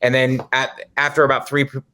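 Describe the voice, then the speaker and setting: A man's voice: mid-range voice, flat delivery, a little fast, bright, forceful tone. Man telling funny stories on a podcast. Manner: storytelling, acts out quoted people. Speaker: podcast co-host. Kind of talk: casual comedic chat.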